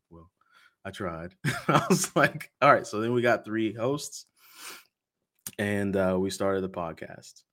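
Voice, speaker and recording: A man's voice: fairly low pitch, fairly bright tone. A man, a podcast host being interviewed, telling a story in casual chat and acting out the quoted dialogue with laughs.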